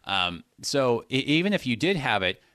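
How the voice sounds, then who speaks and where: A man's voice: mid-range voice, big pitch swings, moderate pace, bright, forceful tone, no room sound, studio quality. A man explaining a point of Greek word order in a casual Bible discussion, thinking aloud with many restarts.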